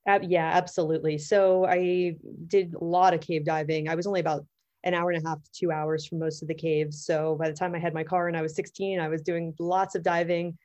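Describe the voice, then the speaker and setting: A woman in her thirties from Florida, an underwater cameraman and technical diver, speaks enthusiastically as a guest in a casual interview, with fillers and restarts. Her voice is lowish, a little mellow, and brisk, with little pitch movement.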